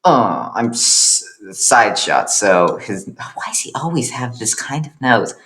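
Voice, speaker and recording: A man improvising comedic narration for his own animated series, rambling and making self-deprecating asides. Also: mid-range voice, measured pace.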